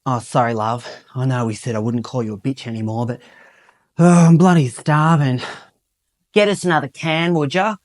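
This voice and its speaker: A man's voice: medium pitch, normal speed, lightly acted. A man voicing a crude, lazy Australian bloke who barks orders from the couch with an Australian accent. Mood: bossy crude.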